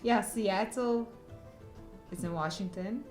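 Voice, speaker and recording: A woman's voice: medium pitch, slow pace, darkish tone, soft background music. A woman, co-hosting a podcast in giggly, chatty conversation. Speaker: podcast co-host. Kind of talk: casual chat.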